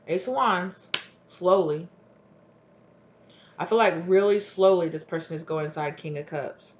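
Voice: mid-range voice, normal speed, dull audio, slight background noise. Rambling tarot reader acting out scenes. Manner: rambling, acts out dialogue of both partners; filler-heavy with many likes and restarts. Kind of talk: solo tarot reading to camera.

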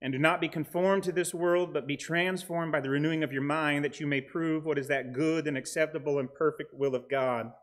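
A man's voice: on the high side, steady tone, fairly quick, few pauses. A middle-aged man preaching a sermon as pastor, earnest with a touch of dry humor, reading scripture passages aloud.

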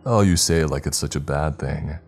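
A man's voice: rumbling low, fairly quick, vocal fry, a little mellow, faint music behind. A man putting on a sneering, taunting unseen spirit. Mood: mocking. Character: mocking unseen male spirit brother, cruel and condescending.

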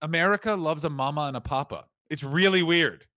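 A man's voice: fairly high pitch, fairly quick, pushed and bright, no echo. A man co-hosting a comedy podcast, rambling and riffing with mock outrage. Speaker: podcast co-host.

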